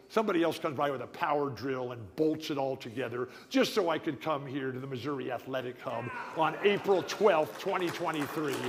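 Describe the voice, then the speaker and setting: Older man telling stories in a reverberant hall. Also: fairly high pitch. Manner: animated storytelling, restarts and repeats words. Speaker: guest speaker. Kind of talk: after-dinner speech. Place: banquet hall.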